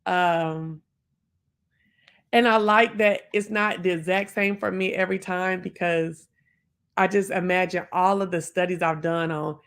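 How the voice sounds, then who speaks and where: A woman's voice: fairly low pitch, fairly even intonation, a bit bright, clean tone. A woman in her forties hosting a live stream, talking about the poem in a chatty, reflective way with plenty of fillers. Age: 40s. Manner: chatty and reflective, with many fillers and quick asides. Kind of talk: casual live stream chat.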